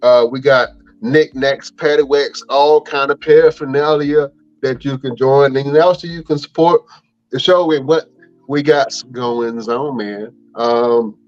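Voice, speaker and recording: A man's voice: medium pitch, fairly even intonation, unhurried, lo-fi sound. A man hosting a wrestling podcast, casually running through the show's plugs in a laid-back, slangy, rambling way. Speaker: podcast host.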